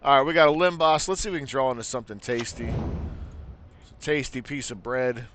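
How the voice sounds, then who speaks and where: A man's voice: medium pitch, fairly even intonation, fairly quick, a bit bright, a little hiss or hum. A man casually commentating a card game, joking around and laughing at his own bits. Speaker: gameplay commentator.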